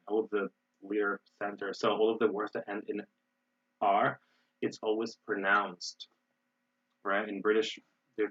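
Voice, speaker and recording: American man, English teacher, online lesson, halting explanations, husky, dull lo-fi sound. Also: lowish voice, a bit bright. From United States. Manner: explanatory, with many fillers and restarts.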